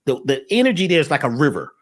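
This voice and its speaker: A man speaking as a guest in an animated spiritual talk, telling stories and acting out the people he quotes. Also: on the high side, quick pace.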